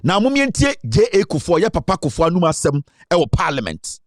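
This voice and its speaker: Ghanaian male commentator, high voice, emphatic and insistent, dry close sound. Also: wildly swooping pitch, fairly quick, no echo. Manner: emphatic, code-switching, reads out quotes. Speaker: political commentator. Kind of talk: political commentary.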